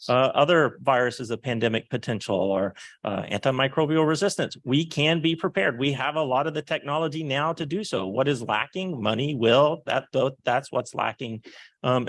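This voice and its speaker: Brief: man, mid pitch, dry sound, candid and halting panel answers. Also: no room sound. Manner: candid, halting, quick asides. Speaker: researcher on a panel.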